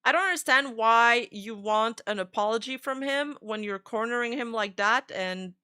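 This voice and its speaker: A woman's voice: fairly high pitch, normal speed, pushed and bright, smooth, no echo, clean studio sound. A woman commenting casually on online drama, reading messages aloud and giving blunt, chatty opinions. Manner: opinionated, chatty, with frequent fillers. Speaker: VTuber commentator.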